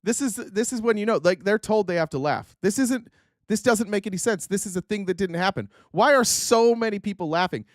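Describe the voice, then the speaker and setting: A man hosting a political commentary stream, reacting to clips with sarcasm and lively emphasis. His voice sits a little high. The sound is dry and close, with no room echo. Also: fairly quick. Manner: sarcastic, animated. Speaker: streamer host.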